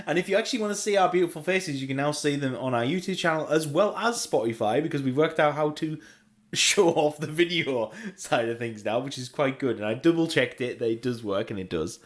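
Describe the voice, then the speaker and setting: A man's voice: fairly high pitch, expressive, brisk. A middle-aged Australian man co-hosting a podcast, rambling eagerly like a comic-book fan in casual chat. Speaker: podcast co-host.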